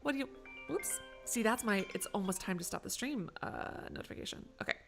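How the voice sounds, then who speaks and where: A woman's voice: medium pitch, animated, fairly quick, creaky, music in the background. A young woman streamer chatting casually to her viewers while playing a game, swearing and joking. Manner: chatty, self-mocking, swears and laughs a lot. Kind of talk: live game stream commentary.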